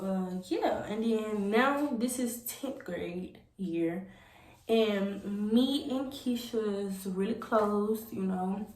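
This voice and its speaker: A woman's voice: medium pitch, darkish tone. Young woman rambling through a storytime, tons of "like", echoey room. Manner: rambling, lots of "like" and "you know". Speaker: vlogger. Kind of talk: storytime vlog. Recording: echoey room with faint noise.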